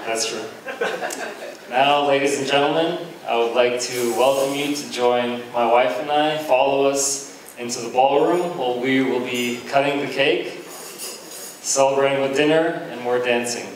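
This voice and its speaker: A man's voice: medium pitch, fairly even intonation, a little slow. A young man giving a heartfelt groom's toast at a wedding, laughing between lines. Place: large reverberant banquet room. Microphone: distant from the camera mic. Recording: echoey hall audio from far off.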